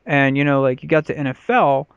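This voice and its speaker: A man's voice: medium pitch, brisk, creaky, smooth, no echo. Casual profane podcast host, thirties man, dull dry sound. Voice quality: rambling, profane. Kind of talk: casual chat.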